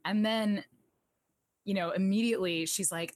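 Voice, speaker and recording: A woman's voice: lowish voice, moderate pace, dry recording. A woman chatting as a podcast co-host, gushing about favorite movie scenes and quoting the characters' lines. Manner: enthusiastic, quotes characters, laughs often. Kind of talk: casual movie recap chat.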